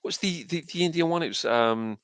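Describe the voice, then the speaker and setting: A man chatting casually on a podcast, hesitant and filling pauses with ums. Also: on the high side, lively intonation, fairly bright tone, clean tone, dry recording. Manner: hesitant, many fillers. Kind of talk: casual chat.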